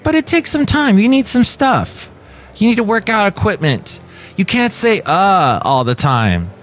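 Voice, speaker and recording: A man's voice: a little high, slight background noise. A man hosting a jokey podcast, rambling with fillers and asides. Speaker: podcast host. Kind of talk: comic podcast chat.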